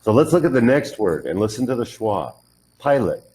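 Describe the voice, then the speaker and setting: A man's voice: fairly low pitch, sing-song, a little fast, a little mellow, rough recording. A man teaching English pronunciation one on one, patiently modelling words and correcting the learner's drills.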